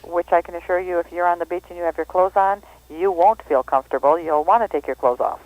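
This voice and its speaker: A man's voice: high voice, fairly even intonation, fast talker, a little mellow, no echo. A man speaking as a guest on a radio interview, matter-of-fact and reassuring. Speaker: phone-in guest. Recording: tinny phone line, very dry.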